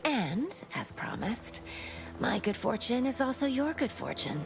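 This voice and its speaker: A woman voicing a smooth, sly black market contact in a video game, speaking in a genteel, hushed manner. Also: on the high side, very animated, unhurried, noisy background.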